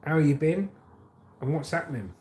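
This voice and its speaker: A man's voice: fairly high pitch, lively intonation, normal speed, dark tone. A man hosting a casual livestream, chatting in a rambling way and reading out viewer comments. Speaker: livestream host.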